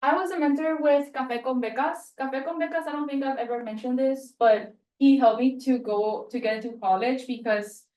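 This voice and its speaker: Young woman from Mexico, student presenter, casual and self-deprecating, slightly high voice, recorded at a distance in an echoey room. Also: fairly even intonation, a little fast, few pauses, darkish tone. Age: young adult. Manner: chatty, filler-heavy and self-deprecating. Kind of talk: spoken end-of-year presentation. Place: room at a university.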